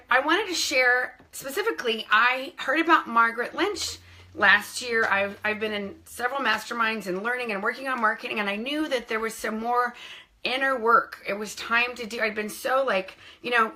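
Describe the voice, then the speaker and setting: A middle-aged woman telling her personal story on a live stream, her voice bright and crisp. She sits a little high in pitch for a woman. She keeps breaking off to greet viewers by name in an effusive way. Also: moderate pace. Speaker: speaking coach.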